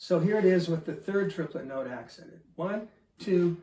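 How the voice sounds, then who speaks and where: A fairly high, mellow man's voice, a drum teacher in his fifties talking through rhythm exercises and counting them in. He sounds relaxed and methodical. His voice rings in an echoey studio room. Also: normal speed. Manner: relaxed, explains step by step with counting. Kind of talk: instructional demonstration.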